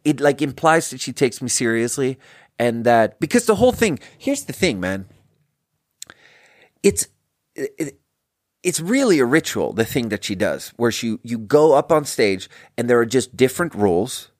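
A man's voice: mid-range voice, big pitch swings, normal speed, dry recording, clean studio sound. A young man hosting a podcast, talking in a casual rambling monologue full of tangents and restarts. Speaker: podcast host.

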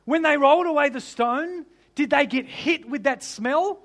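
Preaching with humor and energy, this man laughs frequently and fires off one rhetorical question after another. His pitch is very high, and his pace is moderate.

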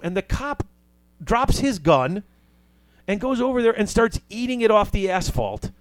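A man's voice: high-pitched, sing-song, normal speed, dry recording. A man casually retelling a movie plot, acting out the characters' lines as he goes.

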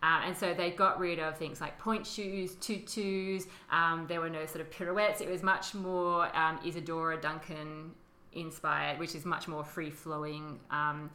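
This woman's voice is low, pushed, and bright, with little pitch movement, a measured pace, and few pauses. As a podcast co-host she explains history casually, using fillers and laughing often, on a recording with a roomy echo.

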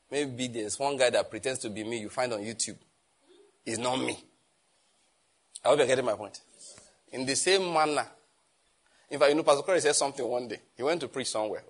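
A man preaching a sermon as pastor, animated and emphatic, often firing rhetorical questions. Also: mid-range voice, slightly rough.

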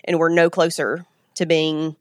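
A woman's voice: deep voice, little pitch movement, unhurried, no echo, studio quality. A woman guest speaking in earnest, reflective casual chat. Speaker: interview guest.

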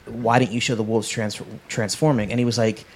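A man's voice: medium pitch, level tone, brisk, a little mellow, a little hiss or hum. A man chatting casually on a podcast, rambling enthusiastically with many restarts. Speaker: podcast panelist. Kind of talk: casual chat about horror films.

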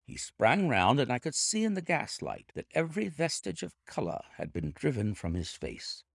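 A man reading a classic detective story aloud as an audiobook narrator, with lively storytelling. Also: mid-range voice, normal speed, creaky, no room sound, studio quality. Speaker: audiobook reader. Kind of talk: scripted narration.

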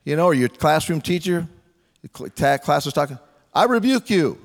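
A man preaches a sermon in a loose, joking, conversational way, slipping into quoted voices as he goes. His voice sits a bit high for a man. The sound rings with long reverb, as if from a big hall. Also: fairly quick. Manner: conversational, humorous, acts out quotes.

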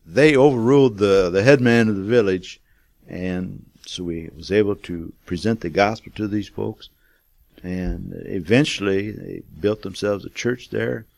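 A man's voice: sits low, unhurried, creaky, darkish tone, no room sound. An older man, a missionary, telling a testimony in a folksy, rambling way with many fillers. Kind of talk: casual storytelling testimony.

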